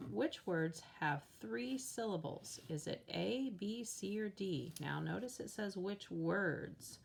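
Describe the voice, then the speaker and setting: A woman teacher explains a worksheet to children in a slow, patient way, counting out loud. Her voice sits low with a gravelly edge. Faint noise hums behind her.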